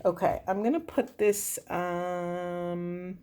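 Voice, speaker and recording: A woman's voice: on the low side, fairly even intonation, slow, a little mellow, clear, resonant tone. Earnest woman doing a spiritual card reading. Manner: earnest and emotional, speaks to spirit. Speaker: tarot reader.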